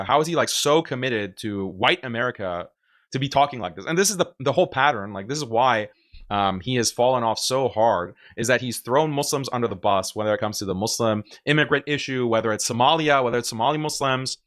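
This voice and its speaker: A man's voice: mid-range voice, animated, brisk, a bit bright. A man giving casual reaction commentary on a stream, emphatic and argumentative, often laughing.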